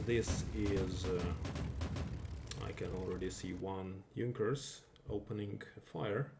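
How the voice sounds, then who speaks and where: A man whose first language is not English commentating a live stream match, halting and correcting himself as he goes. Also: low-pitched, fairly even intonation, creaky, a little mellow, slight background noise. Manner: halting, self-correcting, with fillers.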